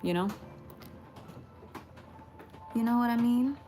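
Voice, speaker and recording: A woman's voice: a little high, slow pace, dark tone, soft background music. A woman from Texas, hosting a casual pottery livestream, chatting with viewers, greeting them by name and laughing often.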